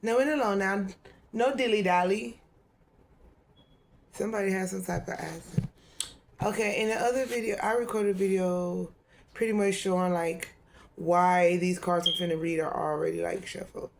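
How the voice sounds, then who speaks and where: A woman's voice: lowish voice, steady tone, normal speed, vocal fry. A woman tarot reader talking in a loose, rambling monologue, swearing freely and laughing often.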